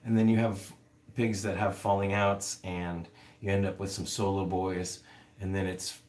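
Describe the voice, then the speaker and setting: A man's voice: sits low, little pitch movement, a little slow, darkish tone. A man hosting a casual livestream, rambling with many fillers as he answers viewer comments. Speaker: livestream host.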